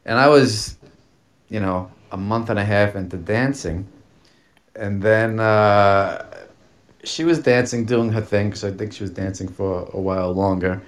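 A man's voice: fairly low pitch, measured pace. A man telling a long personal story on a podcast, casual and rambling, with many fillers, restarts and laughs.

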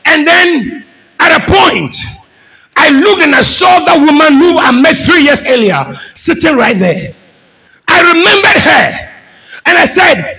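A man preaching a fervent sermon as pastor, often shouting and calling the congregation to say amen. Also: very high-pitched, very animated, measured pace, creaky, low-quality recording.

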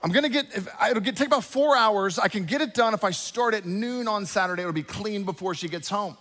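A man in his thirties preaching a sermon to a congregation, talking casually and telling animated stories with frequent asides to the listeners. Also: sits high, a little fast. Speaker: pastor. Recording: long hall reverb.

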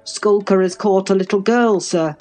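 A woman's voice: medium pitch, normal speed, mellow, soft background music, natural voice. A woman reading aloud, voicing a blustering, accusing manservant. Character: gruff male manservant.

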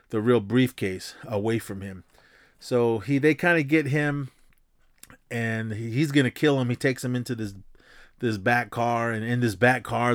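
A man's voice: medium pitch, no echo, studio quality. Rambling man recapping a movie. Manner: rambling, halting, many fillers and restarts; chuckles while retelling. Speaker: podcast host.

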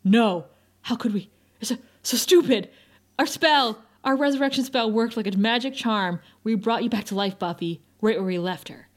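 A woman's voice: on the high side, moderate pace, lightly acted. A woman reading out the lines of a clumsy but brave young man, earnest and apologetic.

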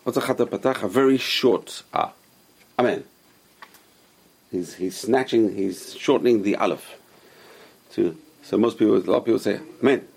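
A man's voice: fairly low pitch, a little fast, vocal fry, darkish tone, breathy edge. A man, a rabbi, teaching a class and explaining patiently with many examples and questions.

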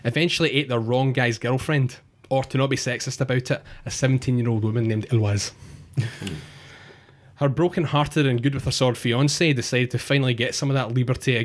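A man telling a crude, jokey comic story with deadpan asides. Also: medium pitch, fairly quick. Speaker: podcast co-host telling a monster story.

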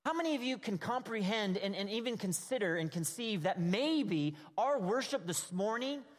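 A man's voice: sits high, expressive, normal speed. A man preaching a sermon, earnest and emphatic, reading scripture with dramatic emphasis. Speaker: pastor. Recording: hall reverb.

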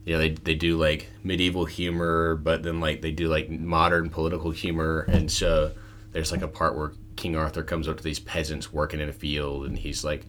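A man hosting a podcast, chatting casually and acting out film scenes in high put-on voices. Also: monotone, moderate pace, a bit bright, slight background noise. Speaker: podcast host. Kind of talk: casual chat.

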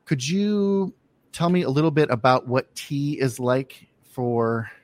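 A man's voice: mid-range voice, animated, takes it slowly, no room sound. A man hosting a casual interview, talking with many fillers and restarts as he asks questions. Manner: hesitant, lots of fillers and restarts. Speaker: podcast host.

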